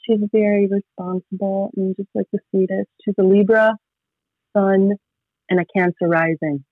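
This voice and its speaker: A woman's voice: mid-range voice, fairly even intonation, normal speed, husky, no echo. A woman in her thirties, a podcast guest telling personal stories in a rambling way, full of "like" fillers. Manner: rambling, heavy use of "like" fillers. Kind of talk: casual personal storytelling. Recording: tinny phone-like line, dry.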